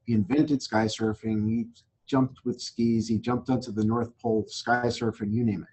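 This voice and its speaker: A man hosting a casual chat, reflective and calm, often affirming his guest. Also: fairly low pitch, moderate pace, slightly rough. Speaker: host.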